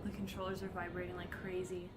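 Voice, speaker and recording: A woman giving excitable live commentary as she streams a video game, gasping and yelping at what happens on screen. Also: on the low side, fast, heavy background noise.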